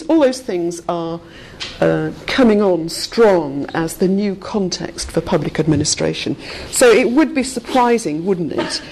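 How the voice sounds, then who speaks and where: Woman, lowish voice, conference speaker, thoughtful and unhurried. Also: a little mellow, slight background noise, rough recording. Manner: measured, reflective, pausing often to find words. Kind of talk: conference presentation.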